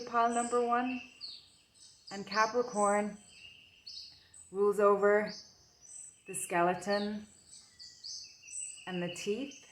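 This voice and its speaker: A woman's voice: medium pitch, steady tone, slow, long pauses, slight background noise. A woman giving an intuitive tarot reading, dreamy and gushing with wonder at the cards. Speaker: tarot reader.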